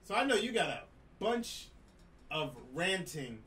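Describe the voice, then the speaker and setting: A man's voice: high voice, very animated, unhurried, fairly bright tone. A man co-hosting a podcast from New Jersey, talking in a laid-back way and steering the casual chat. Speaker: podcast co-host. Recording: distant mic with clear background noise.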